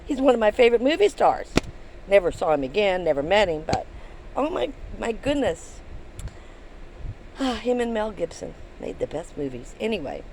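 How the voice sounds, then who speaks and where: A woman's voice: on the low side, darkish tone, a little hiss or hum, poor audio. An older woman vlogging from her van, telling a story in a chatty, rambling way with many ums and restarts. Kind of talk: casual storytelling to camera.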